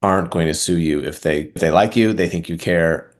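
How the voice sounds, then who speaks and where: A male oral surgeon guest on a podcast, speaking in a relaxed, reflective way with frequent fillers. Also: deep voice, a little fast. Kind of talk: conversational podcast interview.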